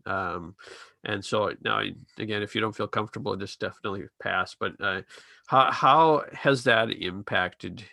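A man hosts an interview and asks his questions gently and hesitantly, often repeating words. His voice is bright with a gravelly fry and somewhat low. The sound is dry and close. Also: moderate pace, dry recording.

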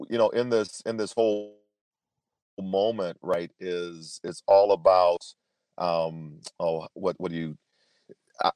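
A man's voice: low-pitched, darkish tone, no room sound. A man in his fifties, a podcast guest, telling a personal story in an earnest, emphatic way, often restarting his sentences. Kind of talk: storytelling interview answer.

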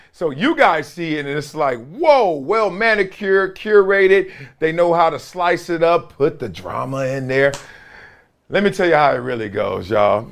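A man hosting a podcast in casual chat, excitable with loud bursts and frequent laughter. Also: on the high side. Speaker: podcast host.

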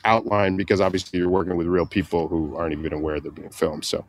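A man being interviewed, telling a story with laughs and acting out the people he quotes in loud voices. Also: deep voice, level tone, fast talker, no echo. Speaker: guest, comedian and prank filmmaker. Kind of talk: animated anecdote telling.

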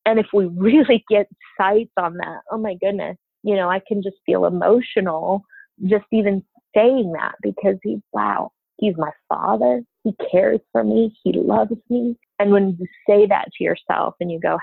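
A woman's voice: mid-range voice, moderate pace, vocal fry, slightly rough, no echo. A middle-aged woman talking earnestly and from the heart about faith, sharing her own experience as a guest. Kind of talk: faith-based conversation. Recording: tinny phone-like line, dry.

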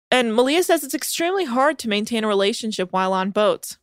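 A woman's voice: a little high, animated, fast talker, hardly any pauses, dry recording. Chatty sarcastic woman, dry sound. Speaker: podcast co-host recapping a reality show. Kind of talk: casual recap chat.

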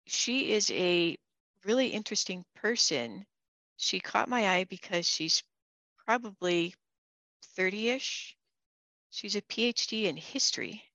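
Chatty woman podcast host, low dry voice. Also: a bit bright, dry recording. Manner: chatty, laughing, with frequent restarts. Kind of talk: casual interview chat.

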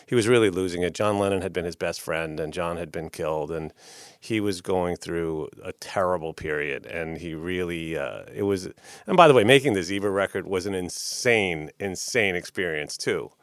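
A middle-aged man, a music executive guest, telling lively anecdotes in a podcast interview and acting out the people he quotes. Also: sits low, moderate pace, dry recording, clean studio sound. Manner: lively storyteller who acts out quotes, with frequent restarts.

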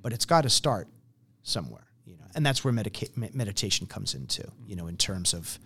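A man's voice: lowish voice, expressive, brisk, creaky, fairly bright tone, slightly rough. A man in a conversational interview, explaining his program earnestly, telling stories and acting out quotes along the way. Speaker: program founder.

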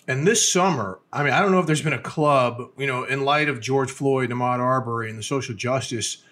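A man in the host's chair, asking his guest direct questions that run long. He talks at an ordinary pitch, in a plain, conversational way. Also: fairly quick, fairly bright tone. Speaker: interview host. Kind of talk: interview questions.

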